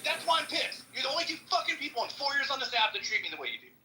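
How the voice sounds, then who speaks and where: A middle-aged man shouts down the others in a furious, profane rant. His voice sits high and rings very bright and sharp. He comes through a phone on an audio chat app with a faint hiss behind him. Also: big pitch swings, racing, poor audio. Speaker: chat room participant. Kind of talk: heated argument.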